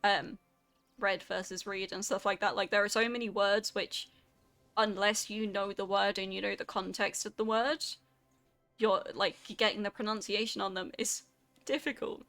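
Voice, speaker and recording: A woman's voice: medium pitch, steady tone, normal speed, fairly bright tone, faint music behind. A woman streamer chatting casually with her viewers while she plays a game, reacting animatedly to their comments. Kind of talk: casual gameplay chat with chat.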